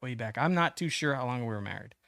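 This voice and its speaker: A man's voice: mid-range voice, expressive, quick pace, creaky, fairly bright tone, dry recording, studio quality. A man, casually telling a long story as a podcast guest, full of fillers, restarts and swearing. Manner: rambling, many fillers and restarts, swearing, acts out quoted voices.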